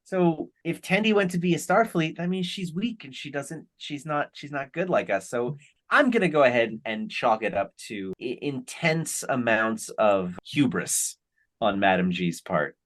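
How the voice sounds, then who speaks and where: A man's voice: medium pitch, animated, a little slow. A man co-hosting a podcast, casually recapping an episode with jokes and frequent laughter. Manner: jokey, laughing often. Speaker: podcast co-host.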